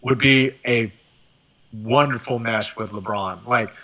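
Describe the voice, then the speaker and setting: A man hosting a casual sports chat, talking in an animated, profane way and often tossing in "right?". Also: fairly high pitch, measured pace, rough recording. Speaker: show host.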